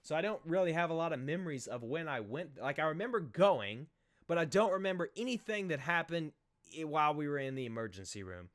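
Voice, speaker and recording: A young man telling a childhood story in a casual, animated, self-mocking way, acting out the other people's voices. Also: fairly high pitch, a little fast. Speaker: vlogger.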